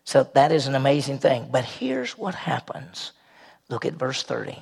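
A man's voice: mid-range voice, sing-song, moderate pace, gravelly, a little mellow, slightly rough. A man preaching a conversational sermon, posing rhetorical questions and rising in emphasis as he goes.

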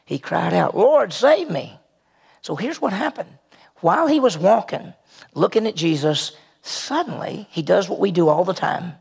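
Gravelly, husky male preacher. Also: high voice, expressive, moderate pace. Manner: conversational preaching, rhetorical questions, emphatic rises. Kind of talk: sermon.

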